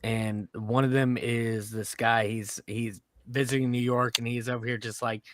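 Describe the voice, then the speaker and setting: A man chatting casually on a podcast, telling stories loudly and animatedly. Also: mid-range voice, moderate pace, dry recording, clean studio sound. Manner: loud animated storyteller.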